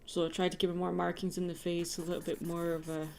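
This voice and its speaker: A woman's voice: lowish voice, monotone, fast, creaky, a little mellow, slight background noise. A woman chatting casually about her drawing during an art livestream. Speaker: artist streamer. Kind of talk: casual chat while drawing.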